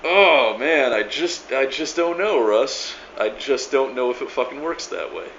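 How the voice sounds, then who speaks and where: A man's voice: medium pitch, animated, unhurried, a bit bright. A man making a casual video reply, rambling and emphatic, with many stammered restarts and frequent swearing. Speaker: video blogger replying to another creator. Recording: dull lo-fi sound with faint background noise.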